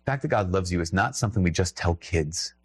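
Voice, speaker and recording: A man's voice: sits low, animated, fast talker, breathy edge, no echo. A man with a Minnesotan accent giving a conversational, emphatic sermon, breaking off into restarts and little laughs.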